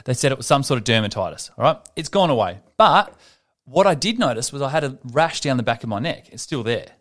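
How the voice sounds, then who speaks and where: A man's voice: mid-range voice, lively intonation, quick pace, a bit bright. A man, a podcast host telling a long rambling story in casual chat, swearing freely.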